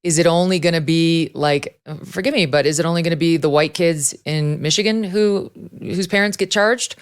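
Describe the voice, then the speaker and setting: A middle-aged woman hosting a talk show, blunt and brisk, arguing her point. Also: deep voice, smooth. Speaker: host.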